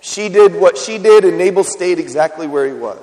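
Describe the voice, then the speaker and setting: A man with a high voice preaches a sermon in a church sanctuary, keeping it conversational and throwing frequent questions to the congregation. His voice carries the long reverb of a large hall. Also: animated, moderate pace, mellow. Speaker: pastor.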